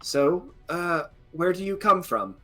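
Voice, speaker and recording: Brief: man playing a nervous, halting tabletop-game official, raised pitch, stumbling. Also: animated, pushed and bright, faint music behind, heavily acted. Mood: polite. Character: fumbling hesitant male official.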